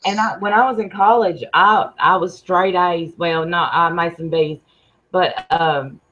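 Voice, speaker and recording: A woman's voice: on the low side, unhurried. Country-accented woman on a muffled line. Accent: Southern US, country. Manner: animated storytelling. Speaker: co-host. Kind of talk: casual chat. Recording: muffled lo-fi audio.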